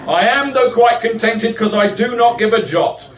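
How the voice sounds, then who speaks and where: A man's voice: extremely high pitch, a little hiss or hum. A middle-aged man giving a live poetry performance, mixing rhyming verse with wry, self-mocking asides. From England. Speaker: poet. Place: chapel venue. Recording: roomy, distant live recording.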